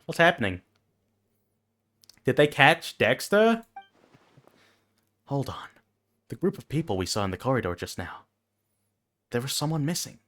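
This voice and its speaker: A man streamer giving casual, gushing commentary while playing a game, an excitable fan. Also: medium pitch, unhurried, long pauses, a little hiss or hum.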